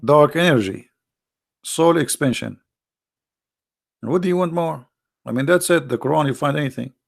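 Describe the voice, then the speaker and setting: Gravelly man with an Arabic accent. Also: fairly high pitch, moderate pace. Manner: animated, mocking, repeats himself. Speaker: online show host. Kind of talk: casual live-stream talk.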